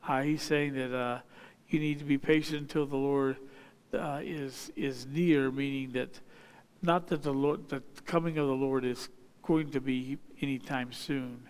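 A man preaching a sermon as a pastor. He reads scripture aloud, then explains it slowly, pausing often with fillers. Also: mid-range voice, steady tone, darkish tone, smooth, big-room sound.

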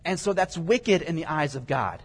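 Male preacher, slightly raised pitch, plain-spoken verse-by-verse teacher, reverberant hall sound. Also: expressive, normal speed, breathy edge. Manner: explains scripture verse by verse in plain everyday words. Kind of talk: conversational Bible teaching. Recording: long reverb, echoey hall.

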